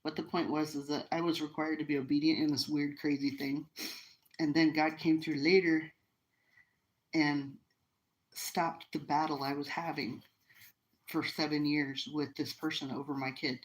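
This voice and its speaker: A middle-aged woman from the United States talks with a low, deep voice. She tells a personal story casually and earnestly, with emotion and frequent restarts. She is hosting a live stream from home by the fire. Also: little pitch movement, moderate pace, poor audio. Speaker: livestream host.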